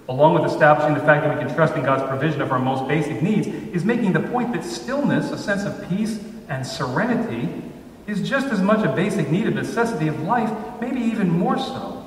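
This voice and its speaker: A man preaching a sermon as pastor, measured, slowing down to stress scripture lines. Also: fairly high pitch, slight background noise. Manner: measured, with slow emphatic pauses on scripture. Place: church sanctuary. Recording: roomy church hall from far off.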